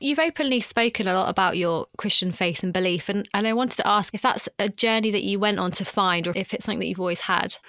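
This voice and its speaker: A woman interviewer asks clear, measured questions in a mid-range voice. The recording is dry and close, with no room sound. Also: mid-range voice, a bit bright, dry recording.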